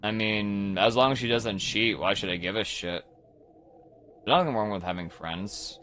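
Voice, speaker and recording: A man's voice: lowish voice, normal speed, sharp tone, a little hiss or hum. A young man streaming a game, chatting casually with his viewers and cursing when things go wrong. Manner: chatty, swears when frustrated. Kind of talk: casual live-stream commentary while playing.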